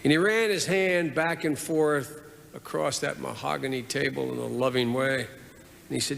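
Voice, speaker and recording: A man's voice: medium pitch, steady tone, moderate pace, vocal fry, fairly bright tone. A man in his sixties delivering a formal eulogy as a senator, earnest and building his points with repeated phrases. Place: large funeral hall. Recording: long hall reverb, faint noise.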